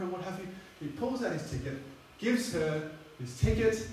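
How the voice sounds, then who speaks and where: A man delivering a sermon in a loose, conversational way, full of asides and fillers. His slightly high voice comes from far off the mic and booms around a reverberant hall. A faint steady hum sits underneath. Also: a little fast, few pauses. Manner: chatty, rambling, many fillers. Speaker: preacher. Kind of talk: sermon storytelling.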